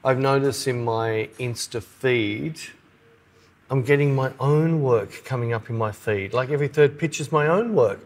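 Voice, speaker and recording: A middle-aged Australian man co-hosts a podcast, chatting easily in a mid-range voice at a measured pace. He's an animated storyteller who acts out quotes, putting on little voices for the people he mentions.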